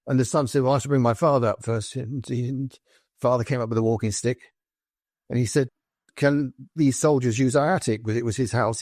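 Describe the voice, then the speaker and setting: A former soldier from Britain, guesting on a podcast, spins army stories in relaxed conversational style. His medium-pitched voice brings the anecdotes to life with quoted dialogue. The clean studio recording is free of echo.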